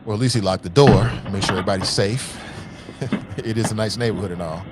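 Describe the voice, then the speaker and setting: A man's voice: on the low side, quick pace, very noisy. A man hosting a call-in talk show, giving casual, emphatic commentary in slangy speech, repeating his points and laughing often.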